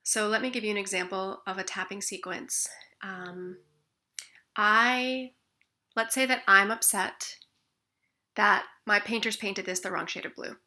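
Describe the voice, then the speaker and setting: Woman, bright tone, expressive wellness teacher, slips into soft near-whispers. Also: medium pitch, measured pace, long pauses. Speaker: tapping practitioner. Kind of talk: instructional explanation with demonstrations.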